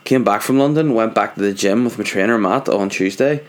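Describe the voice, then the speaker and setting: Man, casual monologue, rambling, sweary, self-mocking, lowish pitch. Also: brisk. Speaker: vlogger, father.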